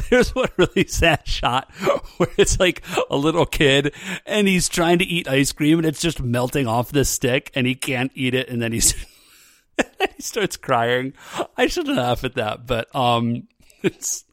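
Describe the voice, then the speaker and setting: On a clean studio recording without echo, a man hosting a podcast uses a mid-range voice to recap an episode. He's casual and rambling, leaning on fillers like "um" and "like" and laughing a lot.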